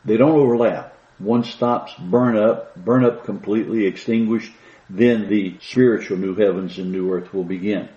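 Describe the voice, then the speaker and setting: Man, preacher, sermon, low mellow voice, slow emphatic scripture reading, echoey muffled recording.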